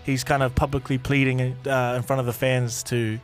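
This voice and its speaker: Male co-host, casual chat, quick to laugh, faint music underneath. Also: medium pitch, little pitch movement. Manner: chatty, laughs often, many fillers. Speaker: podcast co-host.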